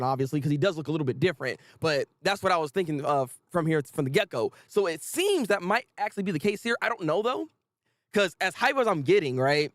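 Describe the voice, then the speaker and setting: A man hosting a live manga reaction, excitable and quick to laugh. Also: a little high, no room sound. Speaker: host.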